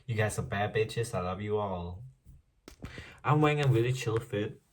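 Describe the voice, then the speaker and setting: A man's voice: fairly low pitch, expressive, moderate pace, far from the mic. A young man chatting casually in a diary vlog while doing his makeup, rambling, self-deprecating and swearing playfully. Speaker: vlogger.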